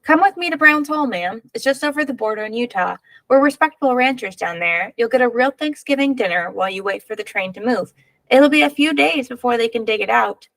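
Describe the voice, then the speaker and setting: Woman reading as a folksy old-West man, friendly, persuasive, gravelly, storybook. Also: on the high side, animated, brisk, fairly bright tone, voice pushed up, rough recording. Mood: coaxing. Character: friendly Western stranger, grown man, easygoing.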